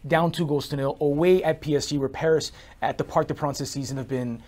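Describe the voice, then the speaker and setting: A man co-hosting a sports show, talking football in a casual, analytical way with quick restarts. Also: a little high, steady tone, a little mellow. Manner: fast, talkative, analytical with frequent restarts.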